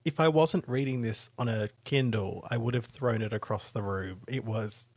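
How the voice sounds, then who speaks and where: A man's voice: mid-range voice, normal speed, breathy edge, dry recording. A man co-hosting a casual comedic book talk, reading excerpts aloud with laughing asides. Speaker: podcast co-host.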